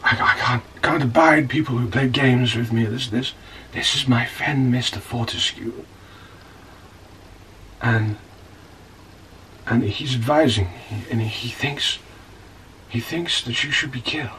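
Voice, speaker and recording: Man doing a slow, whispering, paranoid Brit who chats with a chair; distant mic. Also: medium pitch, a little hiss or hum. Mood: hushed. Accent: British. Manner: hushed, slow, breathy whispering.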